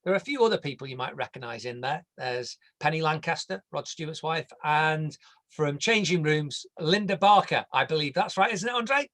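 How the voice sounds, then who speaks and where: An English man walks viewers through a landscape design in an online presentation. His voice sits somewhat high for a man. He keeps it casual and jokey, and now and then trips over a word. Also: expressive, moderate pace, fairly bright tone. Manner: jokey, conversational, stumbles over words.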